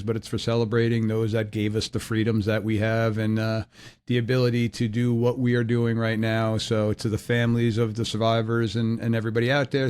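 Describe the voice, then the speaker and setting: A man's voice: medium pitch, a little mellow, clean tone. A man who referees, hosting a casual podcast in a loose, joking way with lots of fillers. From northern United States.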